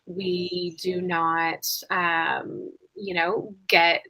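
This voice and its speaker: A woman's voice: on the low side, flat delivery, extremely slow, sharp tone, highs cut off. A woman hosting a conversational podcast, reflective and talking with many filler words. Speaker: podcast host.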